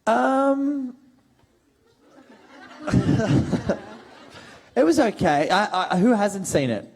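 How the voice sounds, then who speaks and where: A man in his thirties, a guest actor on a convention panel, telling animated stories and acting out quotes with a laugh. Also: high voice, drawn-out words, vocal fry. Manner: animated storyteller, acts out quotes, laughs often. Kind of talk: casual panel Q&A, anecdotes.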